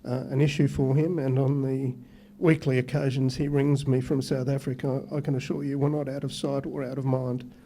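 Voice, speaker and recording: A man with an Australian accent, a company executive giving formal meeting remarks in an even, matter-of-fact way. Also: medium pitch, normal speed, a little hiss or hum.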